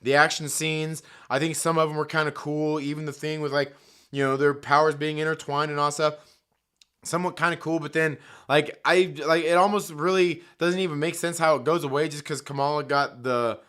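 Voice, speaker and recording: Guy ranting about a movie, swears a ton, kinda high and sharp-sounding, lots of "like" and "you know". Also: level tone, brisk, smooth. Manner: profane, heated, rambling, many fillers. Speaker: movie commentary host. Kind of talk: casual rant, film review.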